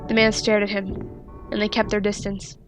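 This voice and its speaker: A woman's voice: mid-range voice, completely flat delivery, normal speed. Woman reading fan fiction over music. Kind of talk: dramatic story reading.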